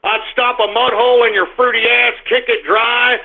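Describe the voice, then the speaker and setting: Ranting high-voiced man, tinny sound. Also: flat delivery, moderate pace, creaky. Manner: crude, belligerent, prone to shouting outbursts. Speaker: internet radio host. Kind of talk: live streamed radio rant. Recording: tinny phone-like audio.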